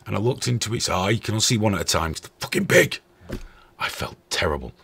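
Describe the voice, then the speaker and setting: Male host, gravelly and husky, swearing storyteller, lively delivery. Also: fairly low pitch, fast talker. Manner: profane, animated storytelling. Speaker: podcast host. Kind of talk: casual chat.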